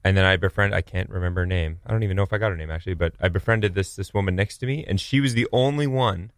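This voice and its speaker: Low-voiced man in dry studio banter. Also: very fast, dry recording. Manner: wry, teasing, laughs often. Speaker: radio show co-host. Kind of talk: casual morning radio banter.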